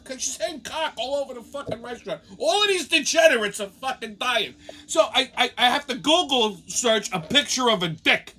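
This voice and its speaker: A man's voice: very high-pitched, animated, normal speed, sharp tone. A man hosting a show, telling a rambling comic story full of profanity. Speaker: show host.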